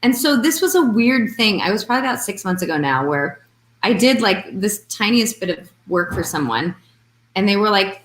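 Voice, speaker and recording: A woman's voice: medium pitch, big pitch swings, normal speed, reverberant, slight background noise. A woman coach chatting casually on a live video call, rambling and acting out quoted exchanges. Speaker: intuitive life coach.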